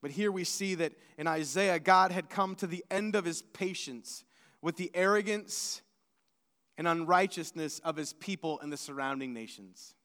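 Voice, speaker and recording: A man's voice: a little high, moderate pace, fairly bright tone. A male pastor preaching a sermon in an earnest, conversational way, often restarting his sentences. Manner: earnest, with frequent restarts and stammers. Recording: long hall reverb.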